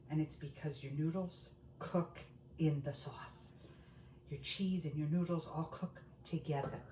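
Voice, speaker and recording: A woman's voice: deep voice, unhurried, mellow, roomy sound, a little hiss or hum, low-quality recording. A middle-aged woman, chatting casually to viewers while showing a recipe in her home kitchen. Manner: chatty, talks straight to viewers. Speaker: home cooking vlogger. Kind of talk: casual cooking demonstration.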